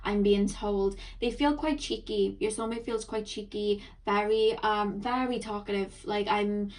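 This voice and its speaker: A young woman giving a chatty tarot reading, rambling and excitable, talking quickly. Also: mid-range voice, far from the mic. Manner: excitable, rambling, talks fast. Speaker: tarot reader. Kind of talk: chatty intuitive card reading.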